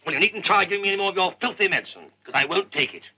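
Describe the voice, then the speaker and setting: A man's voice: high voice, very animated, very fast, pushed and bright, a little hiss or hum, heavily acted. A man playing a petulant, bedridden captain who blusters for whiskey and cigarettes in a 1950s British film.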